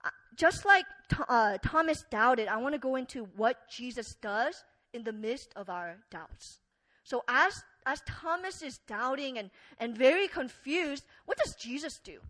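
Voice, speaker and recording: A woman preacher delivers an earnest, conversational sermon in a high, expressive voice at a measured pace. She tells the story with many fillers and swings widely between loud and soft, and the audio is poor.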